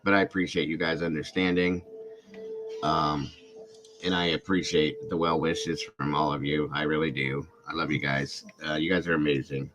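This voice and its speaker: Low-voiced man, congested, chatting with viewers. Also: level tone, normal speed, over music, poor audio. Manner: friendly, greets chat viewers by name. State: congested and coughing from illness. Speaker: true crime YouTube livestream host. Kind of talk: casual livestream chat greeting viewers.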